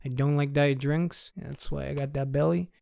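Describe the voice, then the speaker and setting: A man's voice: on the high side, steady tone, moderate pace, vocal fry, dark tone. A man hosting a podcast, telling a story in a loose, conversational way and chuckling as he goes. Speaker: podcast host. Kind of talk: casual storytelling monologue.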